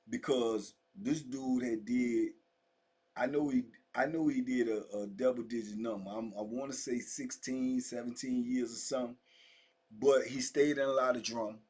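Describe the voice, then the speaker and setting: A husky, dark-toned middle-aged man hosts his own channel and tells prison stories straight to his viewers. He talks in heavy street slang, hammers his points home by repeating them, and shouts out to his fans. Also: medium pitch. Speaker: host telling prison stories. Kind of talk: casual storytelling monologue to viewers.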